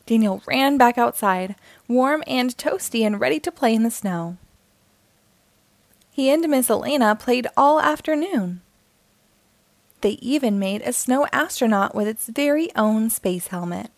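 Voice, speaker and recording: A woman hosting a read-aloud for children, narrating in a bright, expressive way. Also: on the high side, measured pace, gravelly, dry recording. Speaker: storyteller host.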